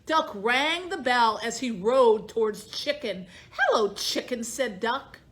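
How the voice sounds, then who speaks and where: A woman librarian reads a children's picture book aloud, unhurried, in a fairly high, bright, expressive voice. It swoops up and down in a sing-song storytime style as she acts out each animal that speaks.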